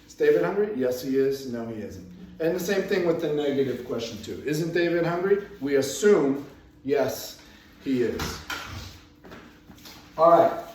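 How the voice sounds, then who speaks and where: Slow-talking man teaching in an echoey room. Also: medium pitch, expressive, darkish tone, far from the mic, slight background noise. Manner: slow, repeats phrases, moves around the room. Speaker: English teacher. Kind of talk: classroom grammar lesson. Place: classroom. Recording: echoey room, voice from away from the mic.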